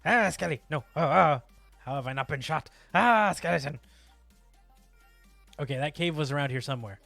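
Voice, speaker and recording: A man's voice: on the high side, lively intonation, normal speed, creaky, bright, forceful tone, no room sound, soft background music. Chatty male streamer yelping mid-game. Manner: chatty, yelps and exclaims at game events. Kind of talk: casual gameplay chat.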